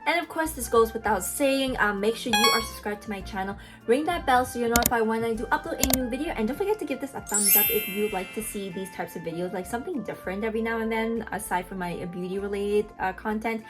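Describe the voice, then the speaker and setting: A woman's voice: on the high side, quick pace, hardly any pauses, over music. Chatty young woman reviewing a gadget. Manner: chatty, filler-heavy, talks to her pets. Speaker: beauty vlogger. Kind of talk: casual product review vlog. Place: her home.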